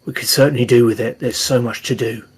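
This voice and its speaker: A man voicing a modest, friendly male adventurer who speaks in a warm-hearted way. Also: medium pitch, fairly even intonation, quick pace, slightly rough.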